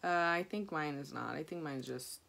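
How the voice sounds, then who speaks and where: A young woman with a Mexican-American accent chats candidly to the camera about her pregnancy. Her voice sits a little low but leaps into high, excited bursts whenever she acts out what she once said. She talks casually, with plenty of fillers. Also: normal speed, gravelly. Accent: Mexican-American English. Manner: chatty, animated, quotes herself in high excited bursts. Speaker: vlogger.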